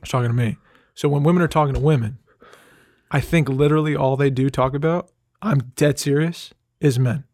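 A man chatting casually on a podcast, telling animated stories, acting out quotes, swearing and laughing often. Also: medium pitch, fairly quick, no room sound, studio quality. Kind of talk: casual chat.

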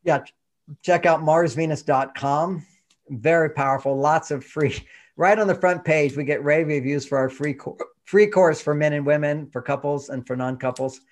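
A man from Texas, an author being interviewed, talking in an emphatic, animated way and laughing mid-sentence. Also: on the high side, moderate pace. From Texas, USA. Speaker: author guest. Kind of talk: conversational interview.

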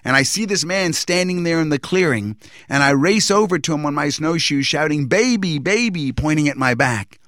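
A man's voice: fairly high pitch, fairly bright tone, no echo, clean studio sound. Earnest man telling his testimony. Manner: earnest, reflective retelling with pauses and restarts. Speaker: person giving a religious testimony. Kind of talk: personal testimony storytelling.

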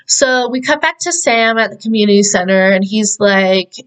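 A woman's voice: medium pitch, normal speed, clear, resonant tone. A woman casually recapping a film as a podcast host, rambling, swearing freely and using "like" constantly. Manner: rambling and profane, heavy use of "like". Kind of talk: casual chat.

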